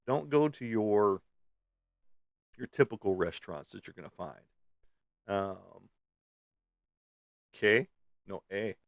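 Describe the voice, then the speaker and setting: Low-voiced rambling American man. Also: dry recording, studio quality. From United States. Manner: rambling, lots of ums and uhs. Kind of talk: casual chat.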